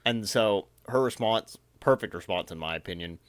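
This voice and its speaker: A man's voice: lowish voice, normal speed, clear, resonant tone, dry recording. A man reading texts aloud and commenting on them in a casual, amused reaction video.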